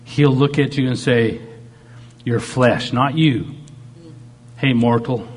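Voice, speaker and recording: A man's voice: mid-range voice, fairly even intonation, slow. A man preaching a sermon. He talks animatedly and acts out God speaking in short quoted lines. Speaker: pastor.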